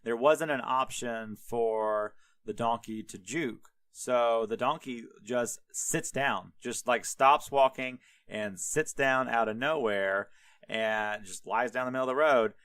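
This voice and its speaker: A man's voice: mid-range voice, slow pace, a bit bright, clean tone, dry recording. A man, a podcast host, retelling a story casually, rambling with lots of fillers and swearing. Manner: rambling, filler-heavy, profane.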